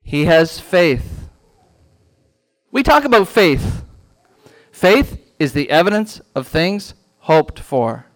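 A man teaching a children's Bible lesson in a church classroom, animated and quizzing the class with questions. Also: on the high side, slow, pauses often.

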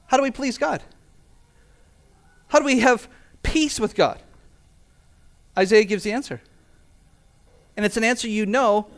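Guy preaching a sermon, kinda high voice, earnest, leans hard on his points. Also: a bit bright. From Canada. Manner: earnest, emphatic preaching with rhetorical questions. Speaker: pastor.

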